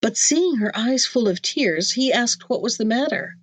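A woman narrating a classic storybook in a measured, clear reading voice. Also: a little high, animated, no echo. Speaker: audiobook narrator.

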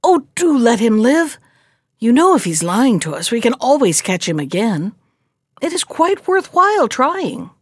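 A kind, hopeful younger brother from a fairy tale, a poor fisherman, voiced by a woman in a gentle, coaxing tone. The pitch sits fairly high and moves expressively. The sound is dry and close to the mic. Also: big pitch swings, unhurried, no room sound.

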